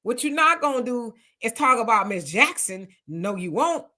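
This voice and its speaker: A middle-aged woman talks through viewer comments in a casual live show. Her voice sits a little high and rings bright and forceful. She is outspoken and animated as she reacts to the chat. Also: moderate pace. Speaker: host reading viewer comments.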